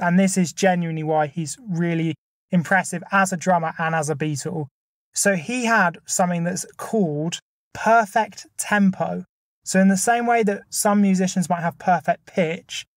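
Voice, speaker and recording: A man's voice: sits high, no room sound, clean studio sound. A man, a podcast co-host, chatting casually and building an argument point by point. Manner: argumentative, lays out numbered points. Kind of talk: casual chat.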